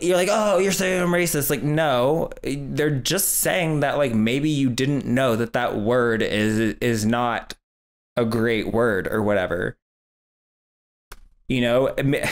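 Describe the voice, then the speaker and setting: A man hosting a reaction commentary, talking in an exasperated, sarcastic, lecturing way. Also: medium pitch. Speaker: commentary host.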